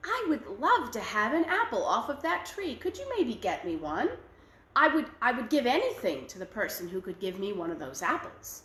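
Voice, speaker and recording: A woman's voice: on the high side, big pitch swings, normal speed, fairly bright tone, reverberant. A woman doing a courteous storybook knight. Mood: courtly. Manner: courteous and formal. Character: polite gallant male knight in armor.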